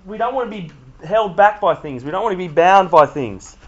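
A man's voice: sits high, animated, brisk. A man preaching a sermon to a youth group, talking with the room in a conversational, jokey way. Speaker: youth pastor. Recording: dull lo-fi sound.

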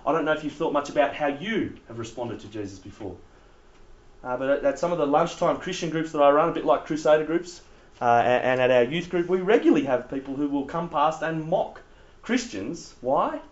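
A man's voice: a little high, brisk. A man giving a laughing, conversational Bible talk to young people as youth leader. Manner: animated, laughing, conversational preaching. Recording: roomy, slightly dull recording.

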